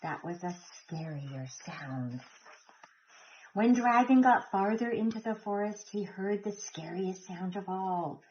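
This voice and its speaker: A woman reading a picture book aloud to children, animated and asking them questions, recorded on a phone in lo-fi sound. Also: mid-range voice, slow, a little hiss or hum. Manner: animated, asks listeners questions.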